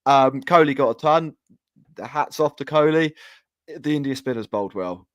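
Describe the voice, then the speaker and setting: A man's voice: mid-range voice, normal speed, no room sound, clean studio sound. A man hosting a podcast in casual chat, joking and laid-back, with plenty of fillers. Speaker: podcast host.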